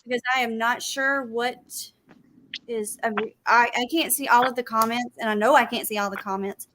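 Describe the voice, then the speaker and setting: A woman hosts a casual panel livestream, speaking bluntly and with emphasis. Her voice is bright and forceful and sits a little high. A faint hum of room ambience lies under her home video-call mic. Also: steady tone, normal speed. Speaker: livestream host.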